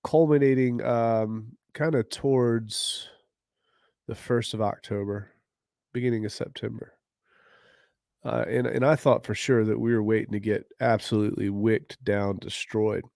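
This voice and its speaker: A man hosting a casual crypto livestream, greeting viewers by name in loose slang and often clearing his throat. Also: on the low side, fairly even intonation, measured pace, a little mellow, no room sound, clean studio sound. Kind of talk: casual livestream chat, reading viewer comments.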